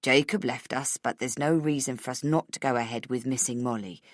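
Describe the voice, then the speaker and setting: A woman doing a calm, measured male boss. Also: rumbling low, no room sound, studio quality. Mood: matter-of-fact.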